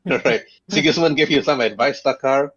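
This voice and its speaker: A man narrating as game master of a tabletop game, with quick put-on voices for side characters. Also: mid-range voice, a bit bright, husky. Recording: dull lo-fi voice chat audio.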